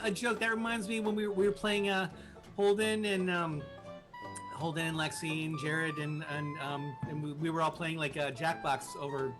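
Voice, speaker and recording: A man in a casual live-stream chat rambles through his stories, stopping and restarting his sentences often. His voice sits a little high for a man. Music is clearly audible behind him. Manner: rambling, with many restarts and fillers.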